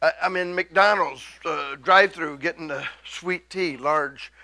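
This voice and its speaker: A middle-aged man preaching a sermon, excitable, swinging from hushed asides to loud, drawn-out scripture readings. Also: a little high, vocal fry, no room sound.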